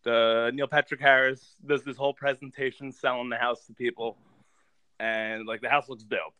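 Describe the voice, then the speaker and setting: A man's voice: mid-range voice, flat delivery, normal speed, pushed and bright, clear, resonant tone, no room sound, low-quality recording. A man casually retelling a movie plot to friends, rambling and swearing freely. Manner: profane, rambling storytelling. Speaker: podcast co-host.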